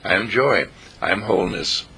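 Hosting a spiritual radio segment, this man delivers a rambling, repetitive inspirational talk theatrically, now and then slipping into bits of song. His fairly low, expressive voice is gravelly, pushed and bright, moving at normal speed over slight background noise.

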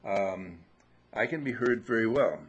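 Lively, joking older man teaching a group. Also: on the low side, a little slow. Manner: lively, joking, playful lecturing. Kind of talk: informal spiritual group talk.

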